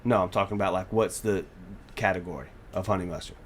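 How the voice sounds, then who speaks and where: A man's voice: deep voice, quick pace, a little hiss or hum. A man from the American South with a Southern accent, co-hosting a casual podcast and rambling with frequent restarts. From southern Georgia, US. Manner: rambling, trips over words, restarts often. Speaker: podcast co-host. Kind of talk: casual chat.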